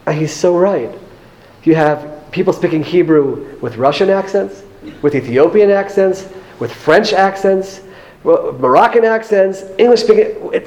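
A man with an American accent speaks to an audience and tells personal anecdotes from his time in parliament. His voice sits a little high for a man. He talks earnestly and brings in light humor as he tells each story. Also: darkish tone, rough recording. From United States. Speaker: former member of parliament addressing an audience.

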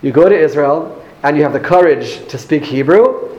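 A man with an American accent speaks to an audience and tells personal anecdotes from his time in parliament. His voice sits a little high for a man. He talks earnestly and brings in light humor as he tells each story. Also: lively intonation, normal speed, lo-fi sound, noisy background. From United States. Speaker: former member of parliament addressing an audience.

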